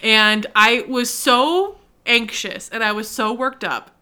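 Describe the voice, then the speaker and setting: A woman's voice: a little high, slow pace, sharp tone, smooth. A young woman co-hosting a podcast, telling a story in casual chat, acting out other people's lines and laughing often. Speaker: podcast co-host.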